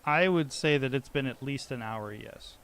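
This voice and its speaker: Game master, male, steady mid-pitched voice, matter-of-fact narration. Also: moderate pace, clear, resonant tone.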